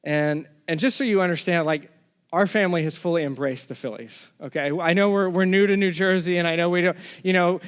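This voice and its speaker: A man's voice: high voice, fairly quick, smooth, long reverb tail. A man from Texas, a pastor giving a sermon in a conversational storytelling way, often restarting his phrases.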